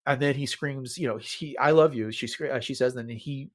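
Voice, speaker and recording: A man's voice: mid-range voice, steady tone, brisk. A man co-hosting a podcast, retelling movie scenes in a casual chat and acting out quoted lines. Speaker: podcast co-host.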